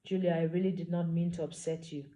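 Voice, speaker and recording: Soft, earnest young man with formal diction and a low, mellow voice, read by a woman. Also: level tone, quick pace, lightly acted. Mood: gentle earnest. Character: gentle, mysterious young man, formal speech.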